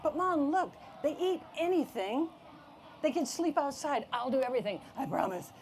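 A woman's voice: high-pitched, lively intonation, moderate pace, darkish tone, a little hiss or hum, voice pushed up. A woman voicing an eager young child who begs their mom, in a storybook read-aloud. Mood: pleading.

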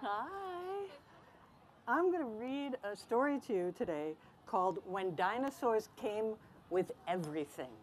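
A woman reading a picture book aloud to children, her voice animated and swinging widely in pitch. She tells the story expressively, with a faint ambient hum behind her. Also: moderate pace.

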